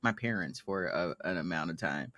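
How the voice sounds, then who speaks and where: Bright-voiced storytelling man from Mississippi. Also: deep voice, expressive, normal speed, no echo. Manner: storytelling, laughs often. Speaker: guest. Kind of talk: casual conversation.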